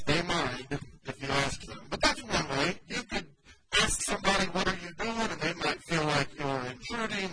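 A pastor preaches in a relaxed, conversational way and slips into the voices of the people in his examples. His voice sits a little high for a man. A loud wash of background noise runs under the recording in church. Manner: conversational, acts out quoted voices. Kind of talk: sermon.

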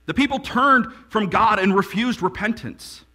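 Animated, high-voiced preacher with bright tone. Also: male voice, a little slow, few pauses. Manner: preaching with rising emphatic build-ups and quiet drops. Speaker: pastor. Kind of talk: sermon.

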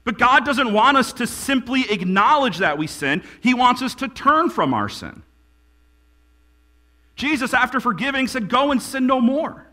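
A male pastor preaches with a high, lively voice that swoops widely across his range. His tone is bright and ringing. He builds to emphatic peaks, then drops to quiet lines, over a faint mains hum. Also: measured pace. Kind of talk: sermon.

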